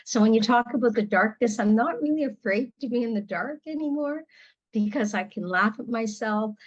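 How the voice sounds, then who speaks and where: A middle-aged woman sharing personal struggles in a group talk, earnest and halting, swearing bluntly. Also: on the high side, muffled recording. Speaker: guest participant.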